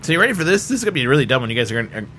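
A man hosts a casual fan discussion podcast, putting questions to his panel. His voice is bright and forward. Faint background noise sits under the recording. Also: fairly high pitch, very animated, very fast. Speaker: podcast host.

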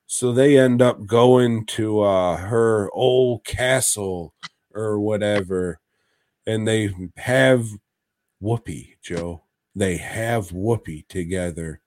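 Brief: male podcast co-host, crude and rambling, unhurried, dry close sound. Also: fairly low pitch, steady tone, darkish tone, no echo. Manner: crude, rambling recaps with laughs. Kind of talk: casual podcast chat.

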